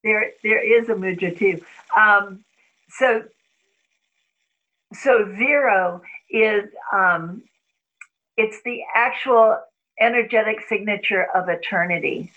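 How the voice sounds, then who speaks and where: Slow, calm woman guiding a meditation. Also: mid-range voice, dull audio. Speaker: spiritual teacher guest. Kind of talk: guided breathing and mantra meditation.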